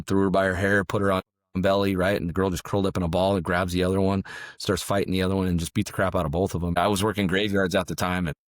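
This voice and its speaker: A man's voice: low voice, dry recording, clean studio sound. A man, a martial arts coach and parent, telling a story animatedly on a podcast, often tagging his lines with "right?".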